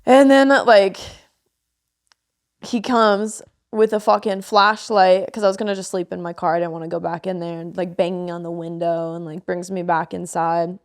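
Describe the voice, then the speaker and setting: A woman's voice: fairly low pitch, level tone, normal speed. A woman in her twenties, a podcast co-host, frankly and emotionally telling a personal story with a lot of swearing. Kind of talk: candid podcast conversation.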